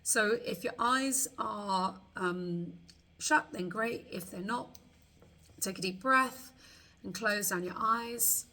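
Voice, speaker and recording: A woman leading a guided tapping meditation, slowly voicing frustrated thoughts for the listener to repeat. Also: mid-range voice, bright, forceful tone. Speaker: tapping coach.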